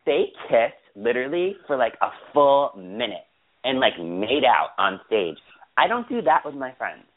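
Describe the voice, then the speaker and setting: A gossipy man hosting a casual chat, exclaiming over things with a lively, swooping pitch. His voice comes through thin and phone-like, as over a call line. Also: unhurried, dry recording. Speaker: podcast host.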